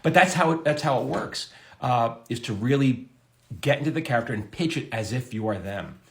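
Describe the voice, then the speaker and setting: A middle-aged man, a TV comedy writer, answering a viewer's question in a casual, lively way, with his pitch jumping up for emphasis. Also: fairly quick. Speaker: TV comedy writer giving advice.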